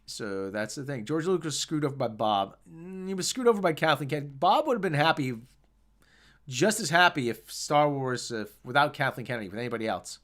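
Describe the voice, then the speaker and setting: A man chatting casually on his own live stream while he reads out viewer comments. His delivery is loose and rambling, and his pitch swings widely, with a mid-range voice. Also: fairly bright tone. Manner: rambling, reads and answers chat.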